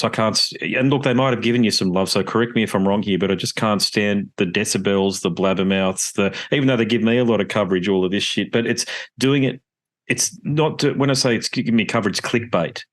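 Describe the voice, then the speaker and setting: A man hosting a podcast interview, rambling and opinionated, with casual swearing. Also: on the low side. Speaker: podcast host.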